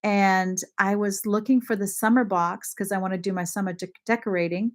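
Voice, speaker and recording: A woman from Maine hosting a casual livestream, chatting warmly with viewers, often apologizing and laughing as she reads their comments. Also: mid-range voice, steady tone, fairly quick. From Maine, USA. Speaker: lifestyle channel host.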